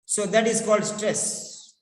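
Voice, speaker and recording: High-voiced man teaching pronunciation, echoey. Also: fairly even intonation. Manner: deliberate, repeats words over and over to drill them. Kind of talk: classroom lecture with repetition drills. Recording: echoey room with long reverb.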